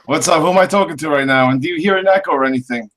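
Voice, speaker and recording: A man's voice: fairly high pitch, very fast, fairly bright tone. Laid-back New York man on a call. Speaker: podcast guest. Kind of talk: casual podcast chat. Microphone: remote call.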